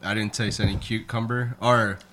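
A man's voice: lowish voice, level tone, moderate pace, background noise. A man in casual podcast chat, bantering with lots of swearing and laughter.

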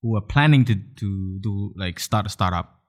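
Male podcast host, low-ish voice, loose and chatty. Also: moderate pace. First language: Khmer. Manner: chatty, many restarts and "like" fillers, bursts of laughter. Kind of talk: casual interview chat.

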